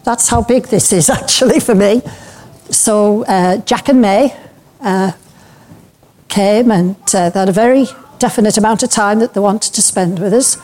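A woman speaking to a church group, loose and anecdotal, her sentences full of little fillers and easy laughs. Her voice is mellow and warm, sitting at an ordinary middle pitch for a woman. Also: normal speed. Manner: chatty and anecdotal, with frequent fillers and light laughs. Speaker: speaker at a church breakout session. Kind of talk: informal talk to a church group.

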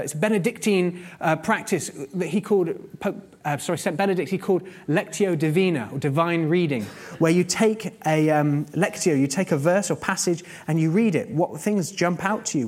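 High-voiced man preaching a sermon. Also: darkish tone. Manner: conversational, earnest teaching with vivid everyday examples.

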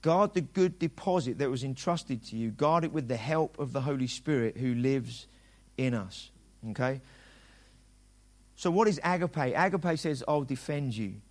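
A man's voice: mid-range voice, moderate pace. A middle-aged man preaching a sermon as a pastor, talking conversationally and acting out dialogue in quoted voices.

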